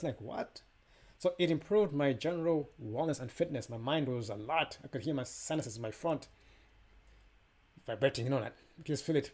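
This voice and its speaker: A young adult man speaks in a fairly high voice, recounting a personal experience as a motivational speaker. His delivery is animated, with sudden jumps in pitch and loudness, and he slips into other people's voices when he quotes them. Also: fairly quick. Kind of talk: personal testimony monologue.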